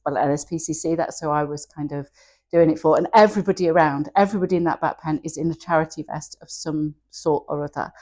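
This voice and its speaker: A woman's voice: deep voice, a little mellow. A woman, telling her personal story in an interview, candid and emotional, often laughing as she speaks. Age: 60s. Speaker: interview guest.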